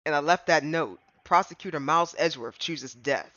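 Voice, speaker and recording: A man voicing a proud young prosecutor from a courtroom game, reading his lines in a low, measured way. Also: bright, forceful tone, no room sound, dull audio. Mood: solemn.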